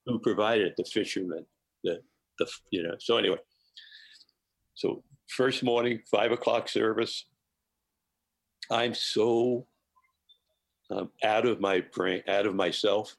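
Gravelly low-voiced older man. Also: measured pace, pauses often. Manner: animated anecdotes, laughs between phrases. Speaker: podcast guest. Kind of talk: storytelling in a podcast interview.

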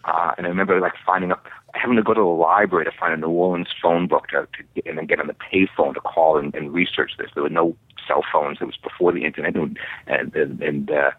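Deep-voiced man on a tinny phone line. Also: fairly even intonation, husky, no echo. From Boston area. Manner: halting, many restarts, dry humor. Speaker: guest caller. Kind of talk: casual chat over phone.

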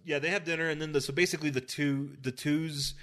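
A man chatting casually, tossing in jokes and salty remarks. His voice sits a little high for a man, and his asides come in short bursts. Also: steady tone, fast, a bit bright. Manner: joking interjections, profane. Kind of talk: casual chat.

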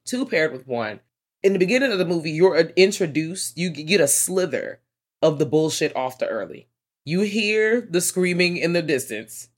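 Excitable, profane podcast co-host. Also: medium pitch. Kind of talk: casual movie review chat.

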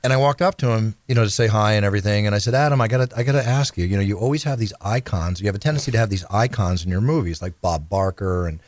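A man's voice: fairly low pitch, quick pace, hardly any pauses, a little mellow, no echo. A man hosting an interview, telling eager stories and asking his guests questions. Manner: eager storyteller, asks questions. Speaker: podcast host.

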